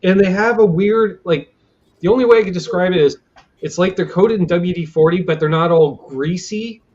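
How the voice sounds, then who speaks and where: A man's voice: sits high, moderate pace, darkish tone. A man hosting a casual livestream chat, telling rambling, salty stories and acting out what people said, heard over a video call. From Canada. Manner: salty, rambling storyteller who acts out quotes. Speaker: livestream host. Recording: dull lo-fi stream audio.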